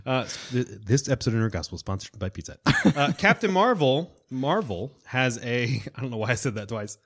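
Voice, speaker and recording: A man hosting a casual podcast chat, his pitch bouncing up and down as he jokes his way through the news. He sounds playful and loose, laughing often. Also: slight background noise. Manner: playful, jokey, with lively pitch and quick laughs. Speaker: podcast co-host.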